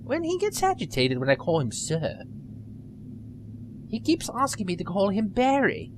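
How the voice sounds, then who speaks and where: Man doing a nerdy young woman pilot, high and prim, earnest, faint noise. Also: wildly swooping pitch, normal speed.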